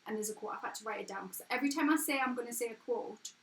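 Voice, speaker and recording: Woman in her 30s, down-to-earth English accent, earnest and frank live-stream host, slightly high voice. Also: racing, slight background noise. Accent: English, not posh. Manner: frank, earnest and chatty, with restarts and swearing. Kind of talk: casual motivational live chat. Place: at home. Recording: echoey room.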